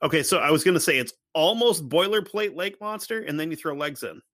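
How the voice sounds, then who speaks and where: A man's voice: fairly high pitch, expressive, a little fast, a bit bright. A man co-hosting a podcast, joking around in casual chat and swearing a lot. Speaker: podcast co-host.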